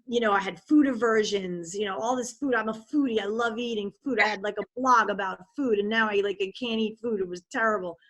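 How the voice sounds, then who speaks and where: A middle-aged woman, a podcast guest, telling a personal story in a candid, expressive way with many fillers. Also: medium pitch.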